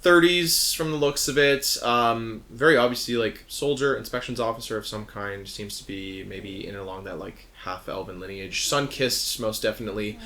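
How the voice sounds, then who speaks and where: Bright-voiced, laid-back male game master. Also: lowish voice, moderate pace, hardly any pauses. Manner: laid-back, rambling description full of fillers. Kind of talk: narrating a tabletop game.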